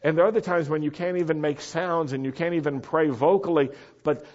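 Man preaching an animated sermon. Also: fairly high pitch, brisk. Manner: animated, rising to shouts for emphasis. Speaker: pastor. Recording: dull, lo-fi sermon recording.

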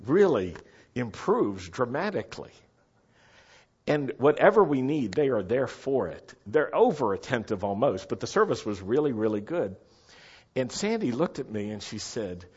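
A middle-aged man telling a story in a chatty, animated way, often checking that his listeners follow. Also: mid-range voice, normal speed, breathy edge. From United States. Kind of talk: casual anecdotal storytelling. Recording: dull lo-fi recording.

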